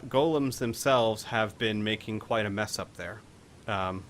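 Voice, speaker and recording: Bright-toned male game master, hesitant, full of fillers. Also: mid-range voice, slight background noise. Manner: halting, with many fillers. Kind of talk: narrating a tabletop game.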